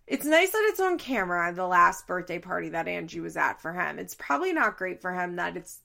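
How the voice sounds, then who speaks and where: Gravelly-voiced woman in casual recap chat. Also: lowish voice, sharp tone. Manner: chatty, swears freely, laughs often, says "like" a lot. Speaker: reality TV recapper.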